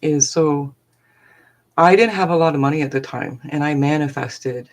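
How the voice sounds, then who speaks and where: Middle-aged woman, low voice, rambling live-stream storyteller, lots of filler words. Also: moderate pace. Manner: chatty, heavy with fillers like "like" and "um". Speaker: live streamer and forest therapy guide.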